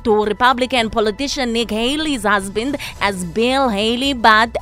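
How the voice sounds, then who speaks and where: Bright woman faking a foreign accent. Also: a little high, moderate pace, faint music behind. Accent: put-on Russian-style accent. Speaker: radio show presenter doing a comedy bit. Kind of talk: mock news report in a put-on foreign accent.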